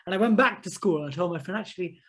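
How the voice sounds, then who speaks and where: An enthusiastic man in his thirties, a maths teacher telling animated stories as an interview guest. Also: high-pitched, racing. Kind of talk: interview conversation.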